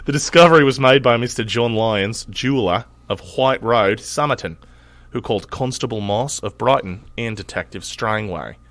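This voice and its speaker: A man's voice: medium pitch, normal speed, no echo, natural voice. A man reading an old newspaper report aloud in an exaggerated put-on Australian accent. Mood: hammy. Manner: exaggerated, loud, hammy reading.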